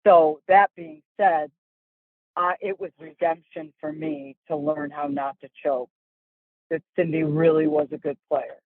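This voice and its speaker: A woman's voice: sits low, measured pace, breathy edge, no echo. A woman golf instructor, a guest in an interview, telling candid stories and acting out the voices in them. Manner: animated, acts out voices in her stories. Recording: dry, phone-like call audio.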